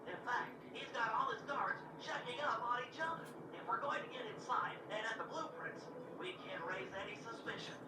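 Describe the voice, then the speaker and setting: An actress playing a confident female heist planner in a video game, briskly explaining and teasing. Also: on the high side, distant mic, very noisy, lightly acted. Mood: briefing. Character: sharp female thief-gang planner, confident. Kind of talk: video game cutscene acting. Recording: game audio played from speakers in an echoey room, loud music.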